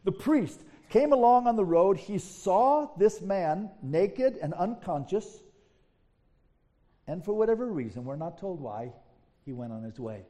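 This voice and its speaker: Animated high-voiced male pastor preaching. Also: unhurried. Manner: animated storytelling with rhetorical questions. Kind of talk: sermon.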